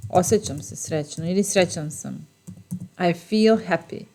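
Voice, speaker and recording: A woman with a Serbian accent teaching short English phrases, repeating each one slowly and explaining patiently. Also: fairly low pitch, gravelly, a little mellow. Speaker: language teacher. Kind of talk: bilingual phrase lesson.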